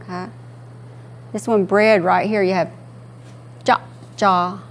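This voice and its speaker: A woman instructor teaching a language class, slowly repeating each word for her students in a patient manner. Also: medium pitch, fairly even intonation, slight background noise.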